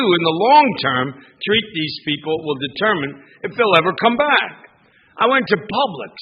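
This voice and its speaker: An older man, a minister, preaching a chatty, rambling sermon in a church, with restarts and asides to the congregation. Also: on the high side. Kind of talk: conversational sermon. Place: church sanctuary. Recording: dull lo-fi sermon recording.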